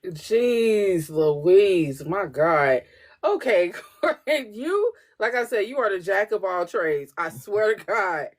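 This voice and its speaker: A woman's voice: medium pitch, big pitch swings, slow pace. A woman hosting a podcast, chatting casually in an interview and making emphatic exclamations. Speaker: podcast host.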